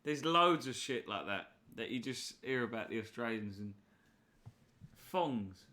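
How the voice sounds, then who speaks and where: A British man with a bright, forward voice is chatting casually over beers. He rambles and leans heavily on filler words. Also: mid-range voice, expressive, unhurried. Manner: rambling, lots of "like" and laughter. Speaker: co-host.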